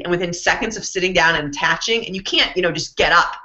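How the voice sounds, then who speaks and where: A woman's voice: fairly low pitch, fast talker. A woman in her thirties, a guest author telling funny, self-mocking stories in a casual interview. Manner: animated, self-mocking storyteller. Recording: dull lo-fi sound.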